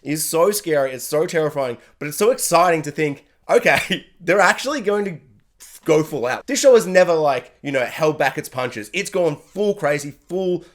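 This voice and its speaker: A man giving an animated, excited spoken review, often acting out characters' lines. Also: normal speed. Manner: animated, acts out character lines with sudden high yelps. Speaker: anime reviewer.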